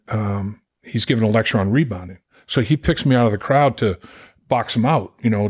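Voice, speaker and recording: Animated older man telling stories. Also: mid-range voice. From Boston area, Massachusetts. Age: 60s. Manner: animated, acts out quoted voices, laughs while telling stories. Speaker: podcast guest, former pro football player. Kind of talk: casual storytelling.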